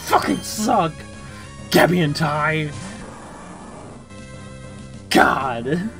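A young adult streamer giving casual, excitable commentary while gaming, swearing, laughing often and stammering. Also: mid-range voice, extremely slow, vocal fry, faint music behind.

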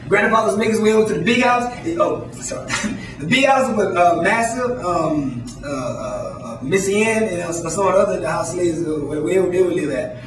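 A man telling a story live, halting with ums and restarts. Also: high-pitched, animated. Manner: halting, many ums and restarts, laughs nervously. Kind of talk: live spoken-word storytelling. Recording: echoey room, distant mic.

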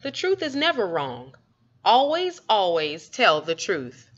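A woman's voice: medium pitch, huge pitch swings, slow pace, heavily acted. Sing-song genteel old lady, as a woman puts her on. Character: sing-song older woman neighbor, touchy. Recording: dull lo-fi recording.

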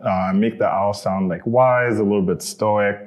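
A man casually directing an AI through character voices, hesitant and relaxed, with many fillers. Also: fairly low pitch, normal speed. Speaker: user directing an AI voice. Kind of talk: casual spoken prompting.

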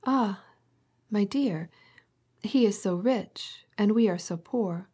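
A woman's voice: mid-range voice, slow pace, dark tone, slightly rough. A woman voicing a tearful, fretful older noblewoman who speaks in pleading, breathless exclamations.

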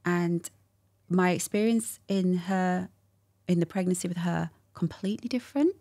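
Woman with a gravelly low voice. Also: moderate pace. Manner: warm, laughing, animated retelling with quoted dialogue. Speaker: guest. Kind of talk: candid personal storytelling.

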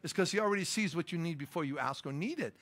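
Preaching as pastor, this middle-aged man talks fast in a slightly high, animated voice with a fairly bright tone. His emphatic, punchy sermon blends scripture with personal stories, using rising, stressed lines and storytelling asides.

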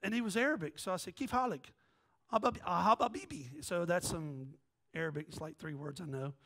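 A male pastor delivers a lively storytelling sermon, slipping in and out of quoted voices and jokes. His voice sits fairly high for a man. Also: quick pace. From American South. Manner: animated, joking, jumps between quoted voices.

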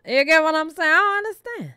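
A woman's voice: very high voice, lively intonation, fast talker, bright, forceful tone. A woman hosting a reaction video, chatting casually and gossiping, often asking "you get what I'm saying". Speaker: reaction channel host.

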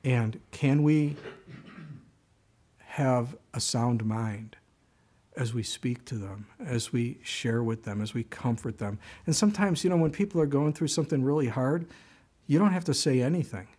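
An older pastor preaches in a relaxed, conversational manner, his voice at an ordinary middle pitch with a breathy edge. He frequently restarts thoughts or slips in a quick aside before carrying on.

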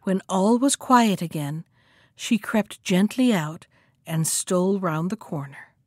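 A woman reading a folktale aloud as a storyteller, lively in the quoted lines. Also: lowish voice, slow pace, no room sound, studio quality. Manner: expressive, acts out the characters' lines.

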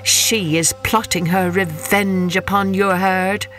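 A woman's voice: medium pitch, fairly even intonation, takes it slowly, a bit bright, soft background music. A woman voicing a clever, confident male hare king in a children's story, speaking in a persuasive, knowing way. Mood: sly.

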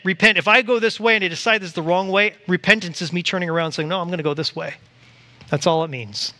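A man preaching a church sermon, animated and acting out quoted voices to the congregation. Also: sits high, fast talker. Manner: animated, acts out voices of God and Satan. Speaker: pastor. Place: church sanctuary.

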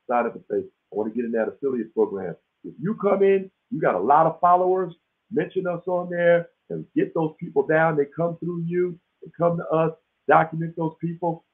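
A man hosting a webinar in a casual, lively way, acting out the voices in the stories he tells. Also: mid-range voice. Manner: animated storytelling, acts out quoted dialogue. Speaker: webinar host. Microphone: video call. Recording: tinny phone-like audio.

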